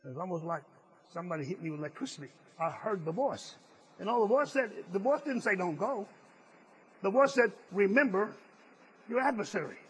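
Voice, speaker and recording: A man's voice: high voice, fast talker, fairly bright tone, slight background noise, poor audio. A male preacher delivering a sermon as earnest storytelling, stressing key phrases and sometimes restarting his words. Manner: some stammered restarts.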